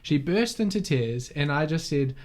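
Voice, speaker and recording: A man's voice: fairly high pitch, moderate pace. Chatty New man hosting a podcast. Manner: animated storyteller, many fillers and restarts. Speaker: podcast host. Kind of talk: casual interview chat.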